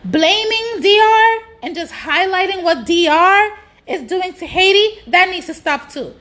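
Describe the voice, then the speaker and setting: A woman's voice: extremely high pitch, expressive, measured pace, fairly bright tone. A woman delivering a blunt, profane ranting monologue, hammering points with repetition. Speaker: social media commentator.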